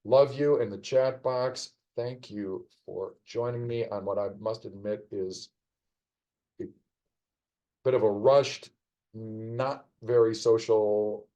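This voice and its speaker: A man's voice: lowish voice, dark tone, poor audio. A man casually commenting on a live stream as he solves a crossword, rambling through clues with wry asides. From United States.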